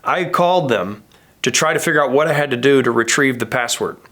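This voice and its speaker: A man's voice: mid-range voice, expressive, brisk, fairly bright tone. A man in his thirties, a pastor, preaching a sermon in a casual, storytelling way and acting out the people he quotes. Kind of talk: conversational sermon.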